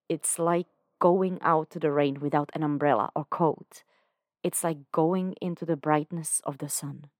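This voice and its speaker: A woman with a low voice reads fan fiction aloud for a podcast at an unhurried pace. Her narration is calm and measured. The recording is dry and close, with no room around it. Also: dry recording. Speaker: podcast fanfiction reader.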